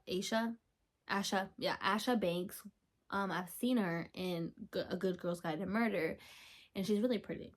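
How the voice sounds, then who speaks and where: Young female podcast host, chatty and giddy, talking at home with whispered asides. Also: mid-range voice. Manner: gushing, chatty, with sudden whispers and excited squeals. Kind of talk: casual chat.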